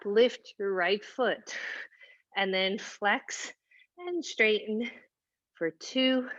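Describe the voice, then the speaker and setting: Woman, yoga teacher, very slow and steady cues, slightly high voice, a bit breathless, dull lo-fi sound. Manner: slow, calm cueing with breathy whoops of effort. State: a little out of breath. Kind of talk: guided yoga class instruction.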